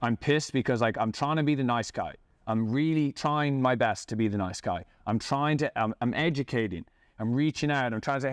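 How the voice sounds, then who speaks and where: A man's voice: mid-range voice, a little fast, dry recording, studio quality. A man running a business, delivering an angry, profane rant to camera. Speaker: business owner and vlogger.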